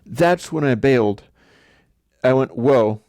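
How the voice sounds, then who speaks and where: A man's voice: mid-range voice, a little slow, warm tone, dry recording, studio quality. A man hosting a livestream, telling a story in a rambling, conversational way. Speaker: livestream host. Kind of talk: casual livestream chat.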